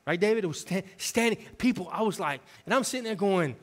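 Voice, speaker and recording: Associate pastor, male, high voice, storytelling sermon that moves from loud to hushed. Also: fast talker. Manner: animated storytelling, conversational with the congregation; swings from loud preaching to hushed, intimate tones. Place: church sanctuary.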